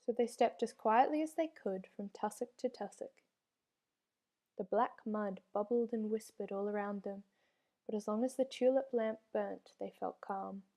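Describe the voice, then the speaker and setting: A woman reading a children's storybook aloud with steady, expressive narration. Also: mid-range voice, measured pace. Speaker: reader.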